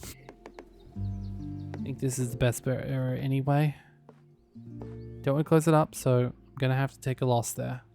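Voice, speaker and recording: A man mutters his way through a relaxed game, his mid-range voice rough with a gravelly edge. He drops dry, sarcastic asides as he plays. Faint music runs beneath his voice. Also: mid-range voice, measured pace, long pauses. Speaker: gaming YouTuber. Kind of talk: relaxed gameplay commentary.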